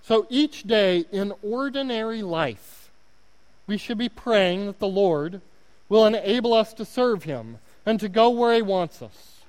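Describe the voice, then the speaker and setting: Preaching as a guest pastor, a man from Oklahoma, United States, speaks with that state's accent in a high-pitched, animated voice that is clear and resonant, if a little slow. He's earnest, self-deprecating, and repeats words for emphasis. The church adds a long hall reverb.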